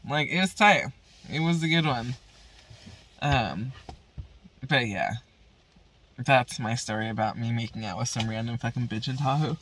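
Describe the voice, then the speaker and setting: A woman's voice: a bass voice, normal speed, pauses often, a bit bright, a little hiss or hum. A woman vlogger telling a story in casual chat, rambling and profane, full of fillers.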